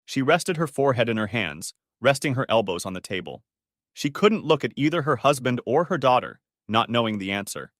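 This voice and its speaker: Expressive male audiobook narrator. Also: medium pitch, brisk, dry recording, clean studio sound.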